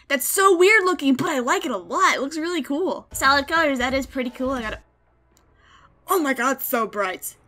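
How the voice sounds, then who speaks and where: A young woman giving casual commentary while playing a video game, quick to get excited, squeal and laugh. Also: sits high. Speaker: gaming video host. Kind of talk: live gameplay commentary.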